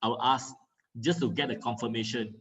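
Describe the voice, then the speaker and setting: A man teaching communication skills in an online lecture, talking over a video call. He speaks in a teacherly way, fills pauses with many drawn-out "uh"s and often checks understanding with "okay?" or "right?". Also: medium pitch, steady tone, a bit bright, poor audio.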